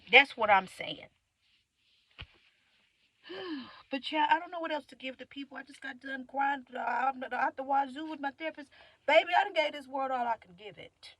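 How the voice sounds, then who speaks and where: A young woman venting in a candid, profane monologue, swinging from loud outbursts to low mutters. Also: fairly quick, no room sound. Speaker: vlogger.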